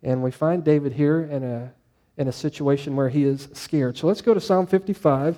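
Male pastor, slightly high mellow voice, chatty preaching style that draws in the congregation. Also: moderate pace, long reverb tail. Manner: conversational, asks the congregation questions. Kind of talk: sermon.

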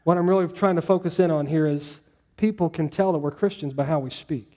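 Mellow-voiced man preaching conversationally. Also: on the high side, a little fast. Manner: chatty, asks the audience, acts out quotes. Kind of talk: conversational sermon.

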